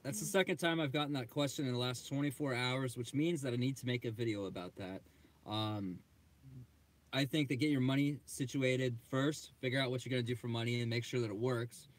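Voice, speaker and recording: Male co-host, mid-range voice, relaxed and matter-of-fact, casual chat. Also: mid-range voice, a little fast. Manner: relaxed, practical advice-giving. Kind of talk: casual livestream Q&A.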